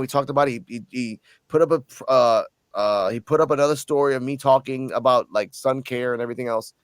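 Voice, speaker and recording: A man from Puerto Rico telling a story in a casual, animated vlog, cursing freely and sounding a little tipsy. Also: medium pitch, dry recording. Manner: profane, animated, excited storytelling. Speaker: channel host.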